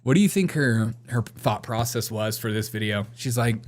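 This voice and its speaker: A man's voice: lowish voice, normal speed, few pauses. A man hosting a comedy news show, commenting sarcastically on a video and laughing often.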